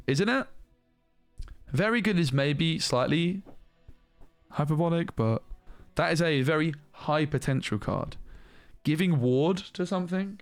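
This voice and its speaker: A man's voice: on the high side, no echo. Man chatting through card reviews. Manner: animated, thinking aloud with restarts and asides. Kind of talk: casual card review commentary.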